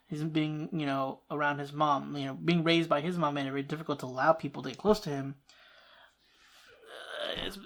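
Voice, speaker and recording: A reaction-video host chatting loosely about a TV episode. The talk wanders and restarts itself, broken up by short laughs, in a middling voice that is neither high nor low. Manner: rambling, restarts thoughts, laughs often. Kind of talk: casual reaction commentary.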